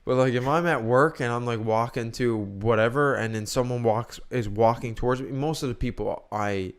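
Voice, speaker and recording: A man's voice: medium pitch, moderate pace, smooth. A young man co-hosting a podcast, chatting casually and opinionated, acting out the lines he quotes. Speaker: podcast co-host. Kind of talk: casual chat.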